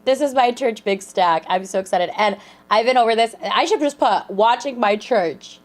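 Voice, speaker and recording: A woman streamer chatting casually and excitedly with her viewers while reacting to a sermon. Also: fairly high pitch, moderate pace. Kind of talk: casual watch-along commentary.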